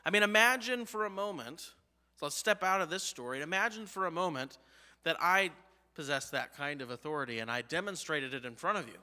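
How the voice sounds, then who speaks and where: Emphatic pastor with reverb. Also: male voice, a little high, animated, fairly quick, bright, forceful tone. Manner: emphatic, with rhetorical questions to the congregation. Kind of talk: sermon. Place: church sanctuary.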